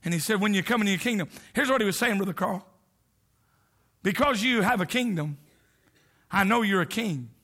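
A middle-aged man preaching a sermon as a visiting preacher, with whoops and shouts that drop to near whispers. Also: high voice, expressive, a little fast, pauses often.

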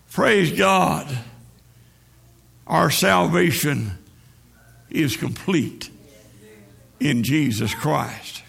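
A man preaching a sermon with a gravelly voice, building repeated refrains in a rhythmic, drawn-out cadence. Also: fairly high pitch, fairly bright tone.

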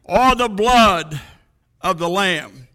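A man preaching a sermon with a dramatic cadence, rising to booming lines and dropping to a hush. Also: animated, slow.

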